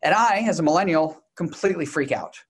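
A young adult man from Texas, a guest researcher explaining generations in an interview and telling a personal story in a brisk, lecturing way. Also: on the high side, expressive, husky. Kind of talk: interview answer.

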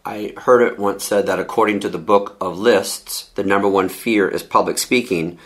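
Woman host asking questions, super low voice, kinda halting. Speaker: interviewer, host. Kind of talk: interview questions.

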